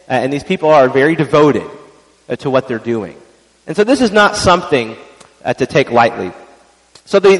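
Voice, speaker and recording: A man's voice: on the high side, long reverb tail, poor audio. A man giving an evening church teaching in a conversational, explanatory way, with frequent fillers and restarts.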